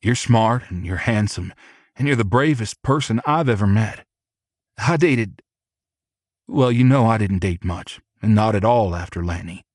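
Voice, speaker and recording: A man reading aloud and voicing an emotional young man who speaks in a halting, upset way, in an audiobook. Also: on the low side, lively intonation, no room sound, studio quality. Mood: tender. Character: young man, emotional, tender, shaken boyfriend. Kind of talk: audiobook character voice.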